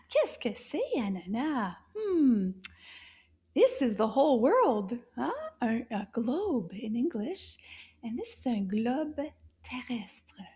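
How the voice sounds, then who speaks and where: Slow, high-voiced woman teaching children. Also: breathy edge. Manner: slow, exaggerated and animated, with frequent gasps and hushed whispers. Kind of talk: children's language lesson.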